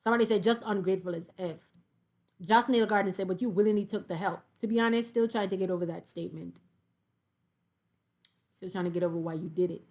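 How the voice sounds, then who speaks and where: A young woman, reading viewer comments aloud in a sassy, animated casual commentary. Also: medium pitch, quick pace, long pauses. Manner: sassy, animated, laughs often.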